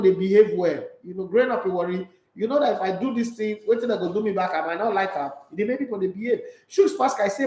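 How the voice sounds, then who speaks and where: A Nigerian man talks sports in an animated, preachy monologue, hammering points with repeats. His voice sits high, and it echoes around the room. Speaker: sports show host. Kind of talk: opinionated sports commentary monologue.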